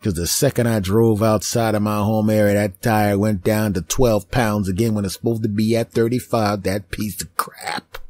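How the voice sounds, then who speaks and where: A man with a somewhat low voice delivering a comedic monologue as a podcast host. He tells his story as an animated, ranting storyteller. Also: moderate pace, hardly any pauses.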